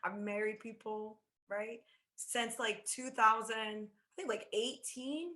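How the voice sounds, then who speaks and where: A woman faith coach telling stories in a casual interview, animated and laughing, acting out dialogue. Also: fairly high pitch, slow, reverberant. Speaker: podcast guest, faith coach.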